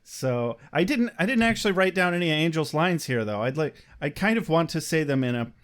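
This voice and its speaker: A man with a slightly raised pitch talks loosely as a podcast co-host. He swears freely and laughs often, keeping the chat relaxed and rambling. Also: a little fast, smooth. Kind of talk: casual chat.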